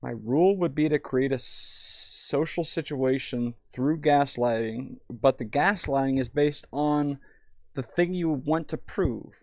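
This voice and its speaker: Gravelly young man rambling on stream. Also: medium pitch, a little slow, a little mellow, dry recording. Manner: profane, rambling, reads chat aloud. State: tipsy. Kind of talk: rambling live-stream chat.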